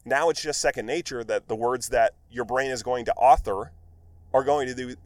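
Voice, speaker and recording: A man hosting a casual solo podcast, telling work stories in a rambling, animated way with lots of fillers. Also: medium pitch, normal speed, dry recording. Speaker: podcast host, medical device rep.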